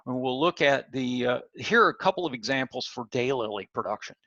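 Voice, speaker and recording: A man's voice: mid-range voice, animated, brisk, bright, forceful tone, dry recording, highs cut off. A man teaching a training lecture in an explanatory way, putting questions to his listeners and stumbling now and then over product names. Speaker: extension weed scientist lecturing.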